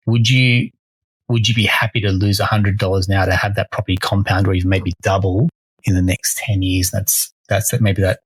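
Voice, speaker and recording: A man's voice: fairly low pitch, breathy edge, dry recording, poor audio. A man, co-hosting a casual podcast as a mortgage broker, talking energetically and often restarting his phrases.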